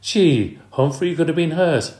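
A man's voice: fairly high pitch, lively intonation, moderate pace, a little mellow, echoey room, pitched above the performer's own voice, lightly acted. A man doing a worried young schoolboy. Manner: worried, uncertain. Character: anxious, self-doubting young schoolboy.

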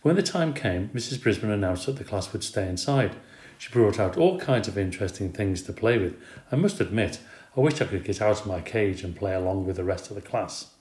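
A man reads a children's storybook aloud with lively expression. His voice sits on the low side. The recording carries a noticeable room echo. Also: a little fast. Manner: expressive, animated reading. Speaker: reader. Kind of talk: storybook narration. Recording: roomy recording.

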